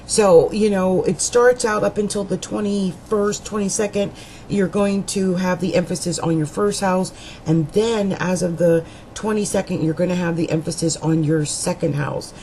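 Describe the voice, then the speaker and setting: A woman's voice: lowish voice, fairly even intonation, normal speed, warm tone, a little hiss or hum, rough recording. A woman astrologer giving a monthly horoscope reading in a chatty, meandering way, with frequent fillers and restarts.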